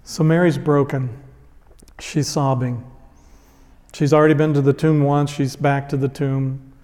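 A man's voice: medium pitch, flat delivery, measured pace, darkish tone, in a large hall. A man preaching a sermon as a pastor, retelling a scripture story in an earnest, emphatic way.

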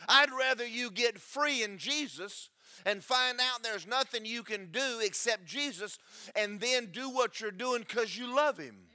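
A man preaching a sermon, emphatic and preachy, swinging between loud and soft. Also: very high-pitched, a little slow. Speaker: pastor.

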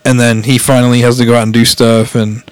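A man talks through a show's plot in a loose, rambling way, laughing often and slipping into quick voices for the characters. His voice sits at an ordinary pitch. The sound is dry and close, with no room echo. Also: level tone. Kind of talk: casual chat retelling an anime plot.

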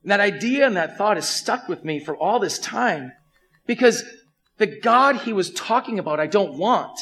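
A man preaching a sermon in a storytelling way, impassioned, moving from loud bursts to hushed lines. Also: sits high, lively intonation, normal speed. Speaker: pastor.

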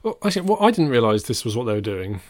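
A man's voice: medium pitch, sing-song, racing, darkish tone, no echo, clean studio sound. A man co-hosting a podcast about films, in a rambling, casual chat that often trails off into a laugh. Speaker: podcast co-host.

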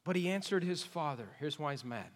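A man preaching an expository sermon, emphatic and questioning, swinging between loud points and hushed asides. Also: on the high side, expressive, fairly quick. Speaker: pastor. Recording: long reverb of a large hall.

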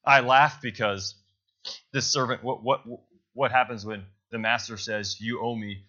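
A man's voice: mid-range voice, fairly even intonation, a little slow, bright, forceful tone, lo-fi sound. A man preaching a sermon to a congregation in a loose, conversational way, correcting himself as he goes and checking in with "right?". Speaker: pastor. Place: church service.

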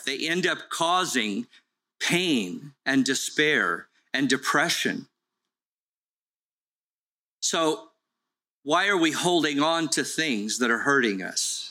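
Slow, bright-voiced male preacher. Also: fairly high pitch, poor audio. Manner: earnest, slow storytelling preaching. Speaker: pastor. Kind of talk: sermon.

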